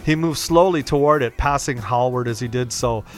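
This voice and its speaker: A man reading a classic novel aloud as narrator, in a steady, measured, dramatic way. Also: mid-range voice. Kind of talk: audiobook reading of classic fiction.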